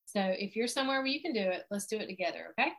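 A woman's voice: mid-range voice, expressive, racing, a bit bright. A middle-aged woman, teaching as a life coach in an earnest, direct, conversational way. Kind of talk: informal teaching monologue.

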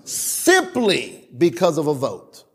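Husky preaching pastor, man. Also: a little high, huge pitch swings. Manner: preaching with dramatic pauses and call-and-response. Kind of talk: sermon.

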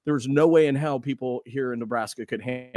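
This man talks briskly in a mid-range voice. He's a morning radio host guesting on a podcast, chatting casually and telling loose, rambling, lively stories.

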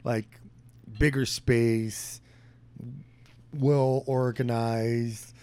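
A young man talks easily in casual chat, slangy and relaxed, letting his sentences trail off. His voice sits in an ordinary middle range. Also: medium pitch, very slow, clean tone, no room sound. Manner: laid-back, slangy, trailing off.

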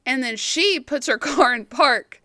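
A woman's voice: sits high, animated, measured pace, pushed and bright, dry recording, clean studio sound. A woman in her thirties, a podcast co-host, animatedly telling a personal story and laughing often. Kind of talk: casual chat, anecdote.

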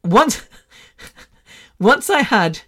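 A woman's voice: a little high, big pitch swings, very slow, fairly bright tone. A woman in her fifties hosting a podcast, telling a story in a rambling, chatty way with frequent laughter and the odd swear word. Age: 50s. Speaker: podcast host. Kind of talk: casual storytelling.

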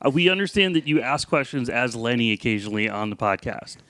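A man with a mid-pitched, level voice and a close, dead-dry sound. He delivers his points in an understated way amid casual podcast banter. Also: animated, fast talker, sharp tone, no echo. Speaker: podcast debater.

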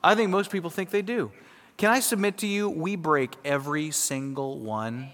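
A man preaching a sermon as pastor, emphatic, swinging from loud to hushed and acting out quoted voices. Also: on the high side, normal speed, big-room sound.

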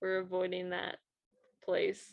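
A woman's voice: on the low side, completely flat delivery, measured pace, vocal fry, no echo, muffled recording. A young woman co-hosting a podcast in casual chat, reacting and often trailing off mid-sentence. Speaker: podcast co-host.

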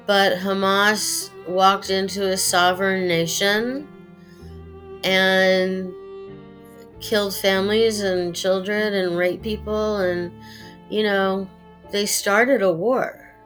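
A middle-aged woman with a Californian Valley accent, talking earnestly as an interview guest, with many pauses and fillers. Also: medium pitch, a bit bright. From United States. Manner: earnest, opinionated, halting with fillers. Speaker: guest, actress and writer. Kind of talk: interview conversation.

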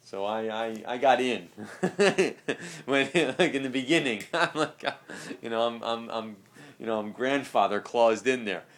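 A man's voice: mid-range voice, a little slow, few pauses, a bit bright. A male teacher lecturing a religious class. He speaks with emphasis and leans on repetition, circling back to drive each point home. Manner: emphatic, repeats key phrases.

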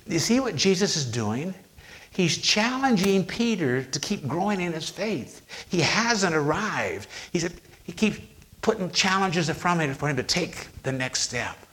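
A man preaching a sermon, retelling scripture with slow, emphatic pauses on quoted lines. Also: sits high, sing-song, a bit bright.

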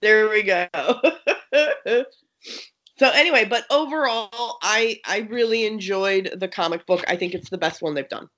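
A woman's voice: medium pitch, fairly bright tone. Woman, casual chat, breathless from illness, rambling, muffled audio. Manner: rapid, rambling, lots of restarts and fillers. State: out of breath from being sick. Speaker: podcast co-host reviewing a game book.

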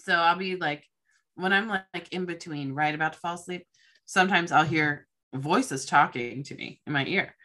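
A young woman hosting a casual chat podcast, telling stories in a rambling, excitable way with casual swearing. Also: fairly low pitch, moderate pace. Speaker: podcast host.

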